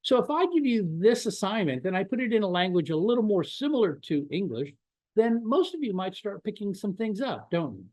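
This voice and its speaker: Male professor, lecture delivery, lively rhetorical style, very varied pitch. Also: brisk, dry recording. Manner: animated, with rhetorical questions. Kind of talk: lecture to teachers.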